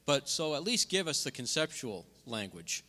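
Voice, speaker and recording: A man's voice: big pitch swings, normal speed, sharp tone. A man giving an impassioned campaign speech at a forum, repeating points and stressing key words. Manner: impassioned, repetitive, drops pitch on asides. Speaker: congressional candidate. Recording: reverberant hall.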